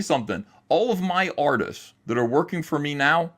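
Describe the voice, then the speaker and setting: A man's voice: on the high side, animated, normal speed, fairly bright tone. A man hosting a livestream, talking in a heated, profane, emphatic way while ranting and reading chat. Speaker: livestream host.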